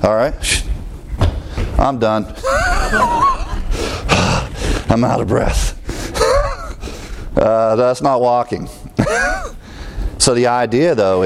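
A man preaching a sermon in a conversational way. He repeats key phrases for emphasis and acts out little everyday scenes in other voices. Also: medium pitch.

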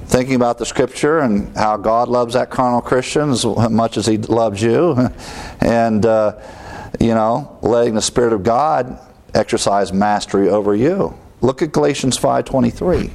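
A man preaching a sermon in a lively, animated way, his voice sitting at an ordinary middle pitch. He acts out little inner voices with sighs and exclamations as he teaches. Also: creaky. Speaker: pastor.

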